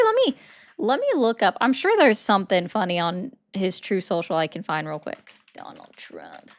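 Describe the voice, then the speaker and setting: A woman's voice: medium pitch, a bit bright, clean tone. A woman in the middle of a political livestream, chatting loosely with her viewers and answering their comments. She talks in a sarcastic, offhand way, dropping dry jabs as she reacts to the chat.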